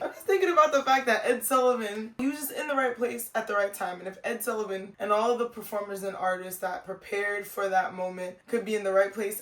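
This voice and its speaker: A young woman vlogging to camera from home, candid and animated, asking herself rhetorical questions. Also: mid-range voice. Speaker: lifestyle vlogger. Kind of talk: casual vlog talk to camera. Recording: roomy echo, faint music.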